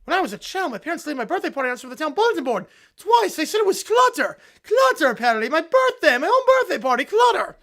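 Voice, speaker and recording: A man voicing a petty, ranting evil scientist in a loud theatrical cartoon monologue. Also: very high-pitched, big pitch swings, fast, voice pushed up, exaggerated voice.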